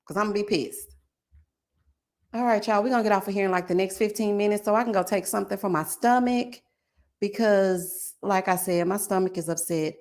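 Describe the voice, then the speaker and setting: A woman in her forties hosting a live stream, chatting casually with her viewers and reading their comments aloud, sassy and animated, laughing often. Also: mid-range voice, a little fast. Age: 40s. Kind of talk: casual chat.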